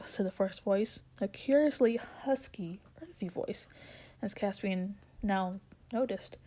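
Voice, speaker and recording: A woman reading a children's fantasy novel aloud in a soft, often whispery voice. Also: medium pitch, slow, poor audio. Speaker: reader. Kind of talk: audiobook reading.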